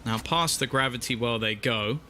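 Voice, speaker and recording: A man with a bright, forceful voice calls a live esports match, reading the plays analytically and lifting as the action builds. A light hiss runs under his headset mic. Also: mid-range voice, normal speed. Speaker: esports caster.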